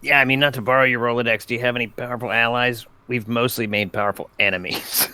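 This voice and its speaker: A man playing a tabletop game in character, joking with playful quick asides. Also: mid-range voice, fairly even intonation, sharp tone, clean tone. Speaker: player.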